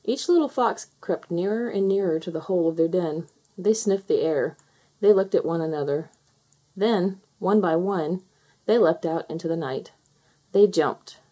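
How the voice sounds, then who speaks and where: A woman's voice: lowish voice, moderate pace, slightly rough. Woman reading a children's story aloud. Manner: gentle, expressive storytelling. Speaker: storybook reader.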